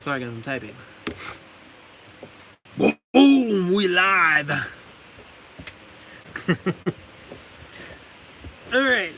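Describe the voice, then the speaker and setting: A man's voice: high-pitched, sharp tone, a little hiss or hum. A man from Canada chatting casually on a live stream from his van, enthusiastic, laughing often and reading chat names aloud. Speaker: vlogger hosting a live stream. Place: inside a parked van.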